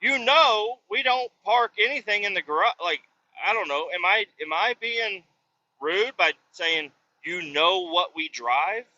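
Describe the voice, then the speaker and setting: A man's voice: high voice, lively intonation, a little slow, bright, forceful tone. A man hosting a podcast while driving, telling a rambling, swear-heavy story with exasperation. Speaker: podcast host. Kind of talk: casual rant while driving. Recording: dull lo-fi with faint road noise.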